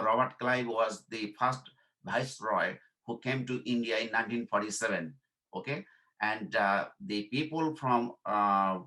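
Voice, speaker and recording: A man's voice: medium pitch, low-quality recording. A man from Bangladesh giving an informal workshop lesson, repeating his points and checking in with "okay?". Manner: repeats phrases, asks "okay?" to check understanding; acts out quoted dialogue in softer voice. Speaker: workshop instructor. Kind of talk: informal teaching talk.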